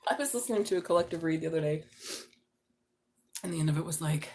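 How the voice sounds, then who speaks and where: A woman's voice: low-pitched, quick pace, pauses often, a little mellow, slight background noise. A middle-aged woman giving a live tarot reading in a casual, chatty way, swearing freely and laughing often. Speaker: tarot reader.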